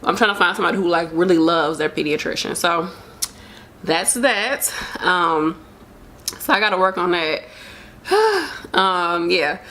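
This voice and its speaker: In a casual pregnancy-update vlog, a young woman talks to camera openly and emotionally, rambling with many fillers. Her fairly low voice is animated, pushed and bright, a little slow, with long pauses.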